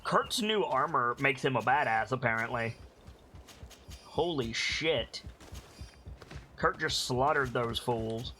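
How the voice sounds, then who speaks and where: Bright-voiced, sneezy male streamer. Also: medium pitch, animated, takes it slowly, pauses often, a little hiss or hum. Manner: sneezing, yawning, swearing casually. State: sneezy and tired. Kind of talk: casual gameplay commentary. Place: home room.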